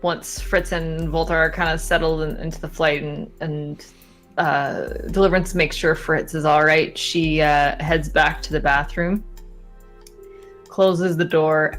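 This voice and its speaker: A woman describes her character's actions in a tabletop game, speaking slowly and hesitantly with many fillers. Her voice is fairly low for a woman, and faint music plays behind it. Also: fairly bright tone. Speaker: player.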